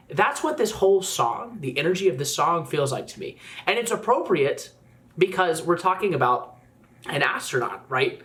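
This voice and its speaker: A man reacting casually to a music video, chatty and gushing with lots of fillers, sometimes jumping higher when excited. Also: normal speed. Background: music playing faintly.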